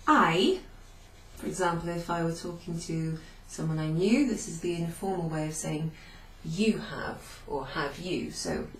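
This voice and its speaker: Recapping a beginner Italian class, a language teacher with a slightly low voice goes slowly and patiently, repeating phrases. She writes on a board as she talks, sometimes turning away, while the room gives a noticeable echo over a faint hum.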